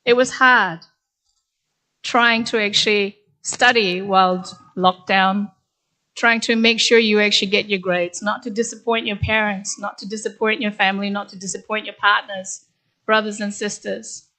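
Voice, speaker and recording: A woman's voice: medium pitch, little pitch movement, moderate pace, pushed and bright. A middle-aged woman from Korea addresses graduates at a ceremony. She tells stories from her own career in a candid, conversational way that stays plain and direct. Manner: conversational, candid, with frequent "actually". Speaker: graduation guest speaker. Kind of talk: ceremonial speech, personal storytelling.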